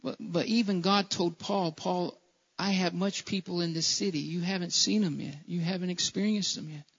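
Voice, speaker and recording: A man's voice: high-pitched, fairly even intonation, normal speed, a bit bright, slightly rough. A man preaching a sermon in a church, impassioned, often stumbling and restarting his phrases. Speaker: pastor. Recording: dull lo-fi church recording.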